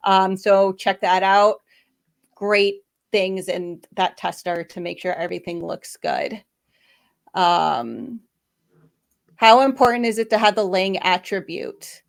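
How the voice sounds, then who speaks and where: A woman answering audience questions on a casual webinar, friendly and chatty, thinking aloud with lots of fillers. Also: mid-range voice. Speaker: webinar panelist.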